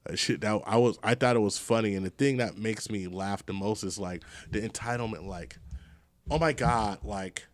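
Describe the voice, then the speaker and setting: A man's voice: fairly low pitch, normal speed, hardly any pauses, dry recording. A man hosting a casual podcast, telling stories with lots of swearing and acted-out quotes. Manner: animated storyteller, swears, acts out quotes. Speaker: podcast host.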